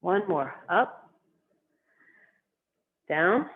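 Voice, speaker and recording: A qigong instructor calmly guiding students step by step through slow movement and stretching exercises. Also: mid-range voice. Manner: calm, gently instructive, cueing each movement. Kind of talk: guided movement lesson. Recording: tinny phone-like sound.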